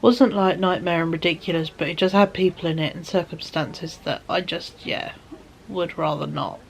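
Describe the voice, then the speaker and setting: A tired woman vlogging from home in a rambling, soft way that often drops to a whisper. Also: on the low side, normal speed, gravelly, slight background noise. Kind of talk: casual chat to camera.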